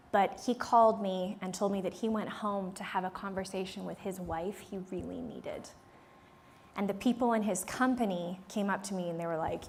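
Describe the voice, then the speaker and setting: A woman's voice: medium pitch, a little hiss or hum. A woman in her thirties leading a live workshop. She tells a story in a chatty way, acts out the dialogue, laughs often and speaks straight to the room. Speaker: workshop leader. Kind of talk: live workshop talk to an audience. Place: conference room before a live audience.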